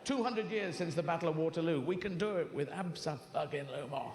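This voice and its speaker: A man performs stand-up in an animated way, with his pitch leaping around and swearing for fun. His voice sits fairly high for a man. Clear background noise from the live theater carries under the stage mic. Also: fairly quick. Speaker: comedian. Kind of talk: stand-up comedy.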